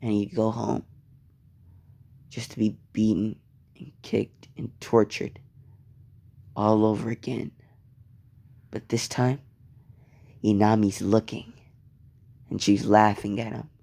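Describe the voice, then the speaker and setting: Man, casual storyteller, slow, gravelly, dark low voice, rambling and profane. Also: level tone. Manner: rambling, profane, interrupts himself. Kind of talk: casual fan-fiction storytelling.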